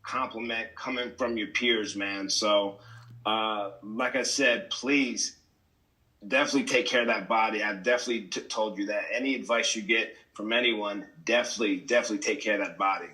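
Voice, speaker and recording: Bright-voiced wrestler co-host. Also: male voice, fairly low pitch, steady tone, brisk, poor audio. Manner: laid-back, advice-giving, repeats himself for emphasis. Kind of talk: casual interview chat.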